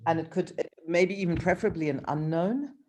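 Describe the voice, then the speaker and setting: Brief: low-pitched woman author, reads her prose aloud, hesitant in chat, video call. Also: a little fast, a little mellow. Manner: hesitant, with many ums and restarts in chat. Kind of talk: reading her novel aloud and chatting.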